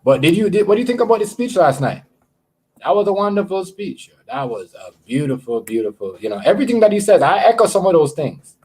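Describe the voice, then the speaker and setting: Husky rambling man chatting on stream. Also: sits high, very animated, a little fast, a little mellow. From Canada. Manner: rambling, profane, repeats words. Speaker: live streamer. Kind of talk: casual livestream chat.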